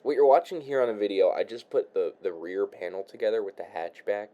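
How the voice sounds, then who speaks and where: In his room, a young vlogger rambles casually while crafting, speaking in a low, mellow voice at a brisk pace. He stumbles over his words, repeats himself, sighs and slips in casual swears, and the audio sounds dull.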